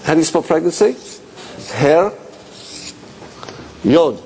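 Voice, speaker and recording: A man teaching a class, asking rhetorical questions and musing aloud, dropping low and quiet on key points. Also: big pitch swings, slow pace, a little hiss or hum. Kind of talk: classroom lecture.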